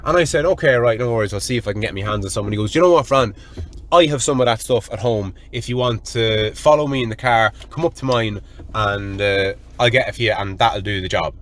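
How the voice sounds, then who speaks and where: An Irish man hosting a solo podcast, telling a story in an animated, profane way and calling his listeners lads. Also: lowish voice, fairly quick. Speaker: podcast host.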